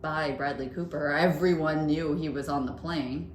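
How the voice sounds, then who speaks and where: A woman's voice: low-pitched, moderate pace, slight background noise. A woman co-hosting a podcast, telling stories in casual chat and acting out voices for shock value. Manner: animated storyteller, acts out voices for shock value. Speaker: podcast co-host. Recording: echoey room.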